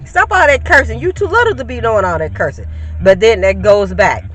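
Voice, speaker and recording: A woman in her fifties vlogs on her phone from her car while parking, chatty and a bit lecturing, calling her viewers "honey." Her voice is a little high, expressive, and slightly fast, and the audio quality is poor.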